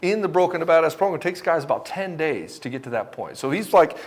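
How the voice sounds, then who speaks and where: A middle-aged man delivers a rapid-fire motivational talk to divorced men, his voice sitting slightly high for a man. He swears bluntly and speaks with raw conviction, sometimes acting out both sides of a conversation. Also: expressive, husky. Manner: blunt, profane, passionate, acts out both sides of dialogues. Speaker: dating and divorce coach. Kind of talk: direct-to-camera motivational talk.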